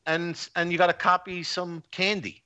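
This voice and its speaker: A man's voice: high voice, little pitch movement, sharp tone. A man co-hosting a podcast, talking bluntly and swearing in casual chat. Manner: blunt, profane, quick. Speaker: podcast co-host.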